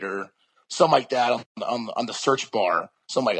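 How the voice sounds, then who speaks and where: A man's voice: mid-range voice, fairly quick, a bit bright, slightly rough. A young man chatting casually as an interview guest, rambling with lots of restarts and fillers.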